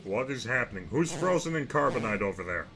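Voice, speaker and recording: A man's voice: medium pitch, sing-song, a little fast, creaky, background noise. A young man streaming a game, reacting with wry asides as he plays. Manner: wry, talks to himself while reacting to the game. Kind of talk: let's-play commentary.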